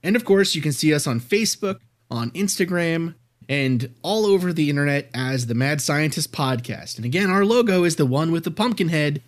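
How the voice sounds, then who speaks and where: A man's voice: fairly high pitch, expressive, normal speed. A man hosting a podcast, chatting casually and rambling, then reading an upbeat sign-off. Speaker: podcast host. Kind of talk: casual chat.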